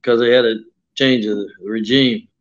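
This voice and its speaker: A man's voice: mid-range voice, fairly even intonation, moderate pace, muffled recording. An older man, a retired wrestler telling stories in a folksy, rambling way and acting out the voices of others. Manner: folksy, acts out quoted voices, many fillers. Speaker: retired pro wrestler, interview guest. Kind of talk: shoot interview storytelling.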